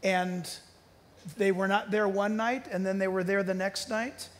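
A male pastor preaching a sermon, animated and emphatic, with sudden loud peaks and hushed storytelling. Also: high-pitched, unhurried. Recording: long church hall reverb.

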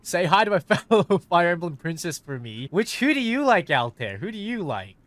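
A man chatting casually on stream, excitable and prone to squeals and giggles. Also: sits high, moderate pace, a little hiss or hum. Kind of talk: casual chat.

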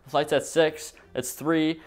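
A young man telling a storytime vlog in an animated, dramatic way. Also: a little high, unhurried. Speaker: vlogger.

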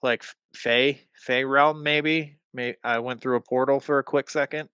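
A man's voice: mid-range voice, steady tone, unhurried, pushed and bright, clear, resonant tone, dry recording. A young man telling a personal story in casual podcast chat, rambling with lots of fillers and the odd swear word. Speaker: guest.

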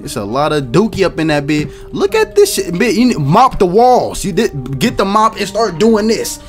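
A man's voice: high-pitched, sing-song, moderate pace, soft background music. A young man giving casual, slangy commentary while playing a horror game, jumpy and talking to himself. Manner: jumpy, slangy, self-talking, bursts into startled shouts. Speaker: gaming YouTuber.

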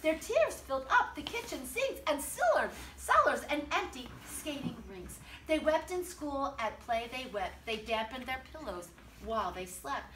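An older woman reading a picture book aloud to children in an expressive, sing-song way, stopping to ask them questions. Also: high-pitched, normal speed, few pauses. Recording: roomy, from a distance, faint noise.

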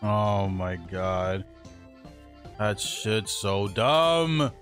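Young male streamer, unhurried slangy game commentary, mid-pitched, faint game music underneath. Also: lively intonation. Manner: slangy and profane, laughs often, reacts loudly to in-game deaths. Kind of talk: casual gaming livestream commentary.

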